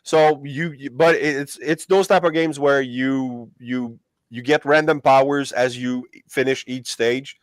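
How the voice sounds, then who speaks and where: A man's voice: mid-range voice, fairly even intonation, measured pace, no room sound. A man hosting a casual livestream chat, rambling and restarting his sentences with lots of fillers. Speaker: host of a collectibles channel livestream.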